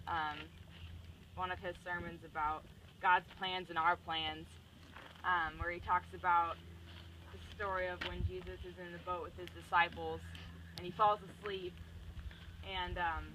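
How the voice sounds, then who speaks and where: A young woman in her twenties giving an earnest personal faith reflection, often pausing with ums. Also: fairly low pitch, pushed and bright, distant mic. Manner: earnest, hesitant with frequent ums. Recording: noisy background recording.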